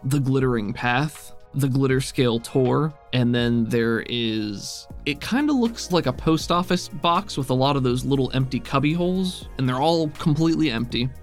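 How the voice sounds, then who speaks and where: A man running a tabletop game, describing scenes in a relaxed, searching way. His voice sits at a middle pitch, and soft music plays underneath. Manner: relaxed, descriptive, with frequent fillers. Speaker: game master.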